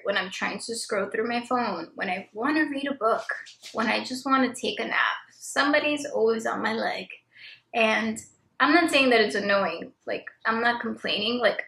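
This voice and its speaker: A young woman with a slightly high voice chats candidly about her life as a mom. She talks in a loose, confessional way and fills her sentences with "like." Her voice carries some echo from the room at home. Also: vocal fry, bright, forceful tone. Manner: candid, chatty, heavy use of "like" as filler. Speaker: vlogger, stay-at-home mom. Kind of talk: casual confessional chat to camera. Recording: roomy echo.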